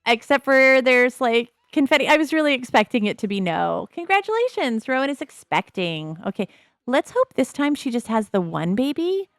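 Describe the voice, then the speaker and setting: A woman's voice: sits high, big pitch swings, normal speed, dry recording, studio quality. A middle-aged woman casually commenting on a life-simulation game, chatty and wry, laughing often and slipping into character voices. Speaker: let's play host.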